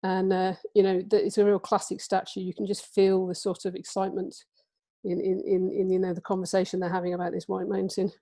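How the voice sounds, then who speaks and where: A woman's voice: medium pitch, completely flat delivery, fairly quick, dark tone, dry recording. A woman in her forties from England giving an illustrated book talk, speaking hesitantly with many fillers and restarts, and reading passages from her book.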